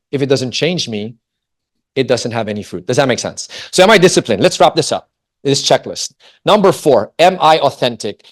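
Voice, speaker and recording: A Filipino man in his forties, a family ministry speaker, shares a personal story during a Christian family talk. His medium-pitched delivery is lively and animated, and he often poses questions to the audience.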